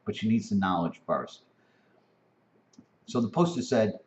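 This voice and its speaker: A man delivering an impassioned, profane spoken rant that keeps climbing to near-shouting. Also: lowish voice, lively intonation, measured pace, long pauses. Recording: dull lo-fi recording.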